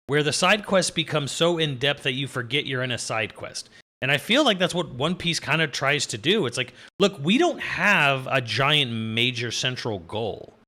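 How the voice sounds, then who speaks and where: Bright-voiced man ranting casually. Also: a little high. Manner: exasperated, swearing, laughing, rambling. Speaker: video reviewer. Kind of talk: casual rant.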